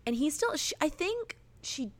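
A young woman from Georgia co-hosting a podcast, chatting casually as she recaps a movie and acts out lines in quick put-on voices. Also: high voice, very animated. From Georgia, USA. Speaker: podcast co-host. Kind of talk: casual chat recapping a film.

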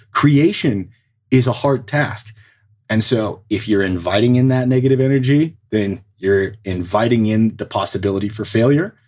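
A man's voice: medium pitch, a little mellow, breathy edge. A man co-hosting a podcast, giving earnest, motivational advice and building his points step by step. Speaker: podcast co-host.

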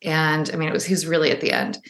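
A woman, guest and author, telling a personal story in a conversation, animated, often laughing and acting out the voices she quotes, in a room at home. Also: sits low, fast, roomy sound. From Los Angeles area. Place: room in her father's house.

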